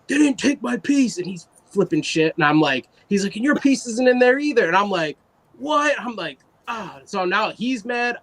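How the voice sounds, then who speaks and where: A man casually telling an animated story about his art, full of fillers and quoted asides. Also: fairly high pitch, rough recording. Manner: animated, loose anecdote with fillers. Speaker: guest artist.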